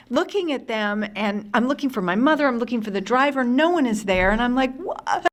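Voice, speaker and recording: A woman in her fifties from the United States, telling lively anecdotes at a convention panel with many fillers and restarts. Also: fairly high pitch. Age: 50s. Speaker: panel guest.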